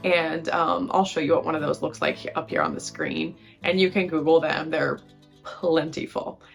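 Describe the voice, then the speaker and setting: A woman with a low-set voice, talking straight to the camera like a friendly teacher. She walks through her advice conversationally and checks in with quick rhetorical questions. Faint guitar music plays underneath. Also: lively intonation, gravelly. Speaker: relationship advice host.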